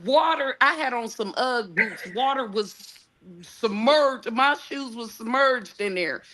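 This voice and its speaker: Bright, high-voiced joking woman. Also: animated, slow pace. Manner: boisterous, joking. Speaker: guest, player's mother. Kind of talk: casual chat.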